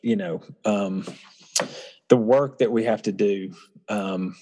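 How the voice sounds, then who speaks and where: A man's voice: lowish voice, takes it slowly, dark tone. A man speaking reflectively and earnestly in casual conversation, often restarting his sentences as he tells a personal story. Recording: long hall reverb.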